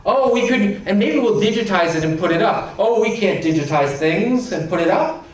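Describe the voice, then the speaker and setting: A man delivers an animated conference talk with a playful, emphatic edge, slipping into quoted voices as he goes. His voice rides high. It reaches the listener from a distance, washed in heavy hall echo. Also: normal speed. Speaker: conference keynote speaker. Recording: echoey hall, distant mic.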